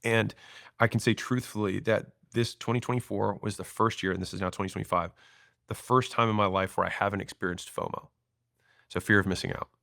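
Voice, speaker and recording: A man in his thirties, a podcast guest, telling stories and acting out quoted lines in an animated way. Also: fairly low pitch, brisk, creaky, no room sound, clean studio sound. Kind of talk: storytelling interview talk.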